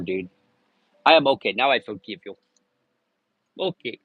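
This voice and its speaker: A man's voice: medium pitch, expressive, moderate pace, pauses often, slightly rough, no room sound, dull audio. A man chatting casually on a live stream, rambling and joking with lots of cursing. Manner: crude, rambling, jokey with frequent cursing.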